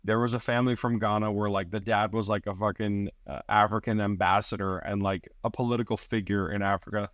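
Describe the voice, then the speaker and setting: A man's voice: fairly low pitch, fairly even intonation, fairly quick, hardly any pauses, a bit bright, no echo. Brief: man, comedian guest, chatty and foul-mouthed, dry close mic. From Richmond Hill, Ontario, Canada. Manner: loose and profane, heavy on "like" fillers. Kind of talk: casual podcast storytelling.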